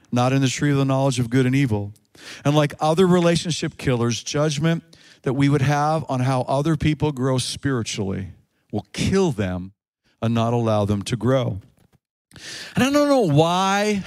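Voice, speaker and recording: A man preaching a sermon, moving between quick spoken stretches, slow drawn-out phrases and sudden shouted peaks. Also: a little high, no echo. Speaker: pastor.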